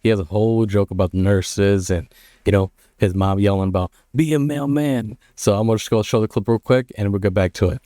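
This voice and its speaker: A man in his thirties with a dark, low voice gives casual advice, rambling and halting as he goes. The sound is dry and close. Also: fairly even intonation, dry recording. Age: 30s. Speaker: mail carrier and vlogger.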